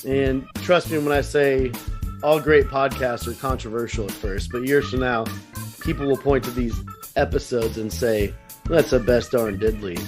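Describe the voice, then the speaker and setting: A man's voice: mid-range voice, fairly even intonation, normal speed, music in the background. A man co-hosting a casual review podcast, chatting in a playful, joking way. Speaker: podcast co-host.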